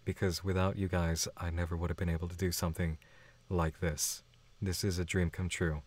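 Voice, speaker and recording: A channel host with a low, level, husky voice talks a little fast on a live stream. He reads viewer chats aloud and replies warmly and chattily, laughing often.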